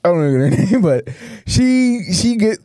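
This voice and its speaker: A male podcast host tells rowdy, profane stories and laughs often. His voice sits high with a mellow, dark tone. The sound is dry and close. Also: a little slow, dry recording. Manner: crude, laughing, animated storyteller. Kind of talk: casual sports podcast banter, storytelling.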